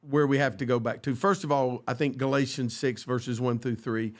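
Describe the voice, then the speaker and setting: A man's voice: medium pitch, fairly even intonation, normal speed. A man co-hosting a church podcast, talking earnestly about friendship and quoting scripture, with frequent restarts. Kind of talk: casual faith discussion.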